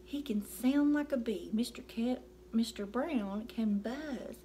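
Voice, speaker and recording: A woman's voice: fairly high pitch, slow, dark tone, slight background noise. A woman reading a picture book aloud to children, playfully acting out animal sounds and coaxing her young listeners to join in. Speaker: storytime reader.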